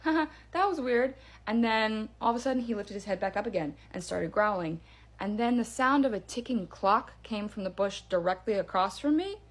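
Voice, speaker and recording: A woman recounting a creepy night in a casual storytime voice. She keeps it hushed and dramatic, with plenty of little ums along the way. Her pitch sits in an ordinary middle range. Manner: hushed, dramatic, with many fillers.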